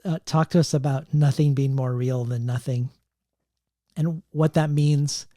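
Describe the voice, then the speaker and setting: A man hosting a literary interview, measured and careful as he reads quotations aloud. His voice is mellow and the recording is dry and close. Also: a little high, fairly even intonation, no room sound. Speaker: podcast host.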